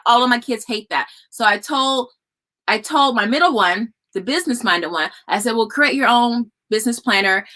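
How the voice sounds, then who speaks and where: Mom chatting on a live stream, bright voice, a bit high, keeps saying y'all. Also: female voice. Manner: chatty, addresses viewers as y'all. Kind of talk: casual live-stream advice.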